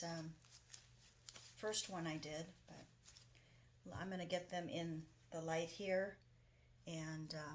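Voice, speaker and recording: Woman host, casual tutorial, enthusiastic, slightly low pitch, home studio with faint noise. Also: fairly bright tone. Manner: chatty, enthusiastic, talks while working. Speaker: craft video host.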